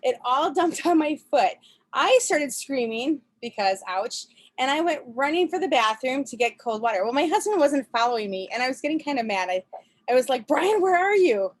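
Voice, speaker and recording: A woman's voice: high-pitched, animated, moderate pace. Chatty woman telling stories with laughs. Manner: chatty storyteller, laughs often, many fillers and restarts. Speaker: presenter. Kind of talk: casual talk on a video call. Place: camper.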